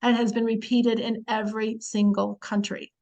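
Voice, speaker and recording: A woman teaching the weekly Torah portion in a chatty, animated way, acting out quotes and using many fillers. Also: a little high, normal speed, muffled recording.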